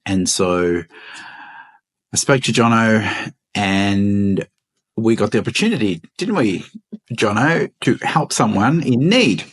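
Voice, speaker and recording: A man with an Australian accent, co-hosting a podcast and explaining things in an unhurried way, with frequent ums and restarts. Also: fairly low pitch, expressive, husky. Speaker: podcast co-host. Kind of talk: casual podcast chat.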